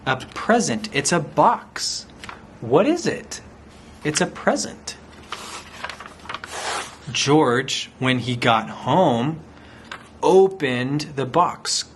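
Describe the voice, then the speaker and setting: A man's voice: fairly high pitch, lively intonation, very slow, pauses often, a bit bright, a little hiss or hum. A man teaching a language by reading a picture story aloud, repeating simple phrases and acting out sounds. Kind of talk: slow storytelling for language learners.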